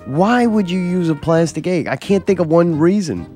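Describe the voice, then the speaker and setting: A man's voice: sits high, lively intonation, normal speed, mellow, faint music behind. A man co-hosting a podcast in casual chat, blunt and profane, pressing his questions with exasperation. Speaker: podcast co-host.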